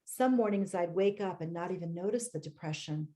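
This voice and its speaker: A woman author reading aloud from her own memoir in a measured, reflective way, with short personal asides, over a home computer mic on a video call. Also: lowish voice, dark tone.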